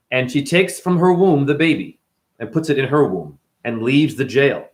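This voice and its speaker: Animated man with a profane spiritual rant. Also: mid-range voice, moderate pace. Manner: animated, profane, rhetorical questions. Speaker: host. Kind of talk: casual spiritual monologue.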